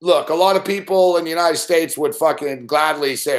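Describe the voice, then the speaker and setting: A man's voice: a little high, a little fast, hardly any pauses. A man hosting a late-night sports betting show, ranting casually and swearing constantly as he rambles. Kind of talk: late-night live stream rant.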